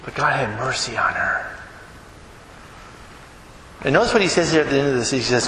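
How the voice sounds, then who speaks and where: A man preaching a sermon as pastor in a church, emphatic, climbing to near-shouts on key phrases. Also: medium pitch, lively intonation, normal speed, long pauses. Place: church sanctuary. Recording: echoey hall with background noise.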